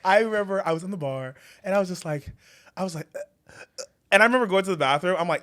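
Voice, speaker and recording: Bright, animated man telling stories. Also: quick pace. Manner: animated, laughing, swings loud and high when telling the story. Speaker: podcast co-host. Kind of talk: casual storytelling chat.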